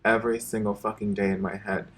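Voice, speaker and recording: A man vlogging an emotional personal confession to his viewers, halting and repeating himself and swearing often. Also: lowish voice, level tone, breathy edge.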